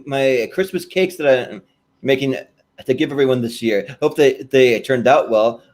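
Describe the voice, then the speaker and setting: A man putting on an excitable, naive, fussy man who frets and exclaims in a raised voice. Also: normal speed, lightly acted. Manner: high, fretful and exclaiming.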